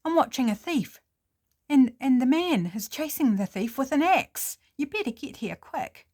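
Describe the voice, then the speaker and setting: A woman's voice: medium pitch, sing-song, brisk, mellow, lightly acted. A woman voicing a flustered woman birdwatcher, exclaiming in alarm. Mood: urgent. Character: panicky middle-aged woman birdwatcher.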